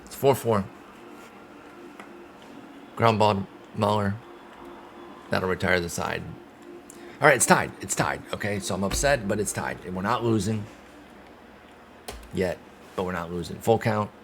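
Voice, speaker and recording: Gaming streamer, male, deep voice; relaxed play-by-play that flips into exasperated outbursts. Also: measured pace, pauses often, slight background noise. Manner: animated, swings from calm calls to loud outbursts and groans. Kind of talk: casual play-by-play of a baseball sim.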